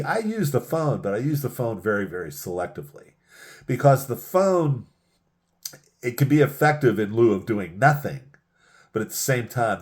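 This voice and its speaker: A man's voice: on the low side, a little mellow. A man giving a motivational sales lesson, emphatic and repeating key phrases for punch. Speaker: sales trainer.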